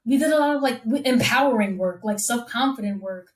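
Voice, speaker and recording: Fairly high-voiced woman guest, casual and animated, rattles through stories and voices the people in them. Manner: animated, acts out quoted dialogue with voices; fast, rambling with restarts. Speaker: guest copywriter and copy coach. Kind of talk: casual conversation.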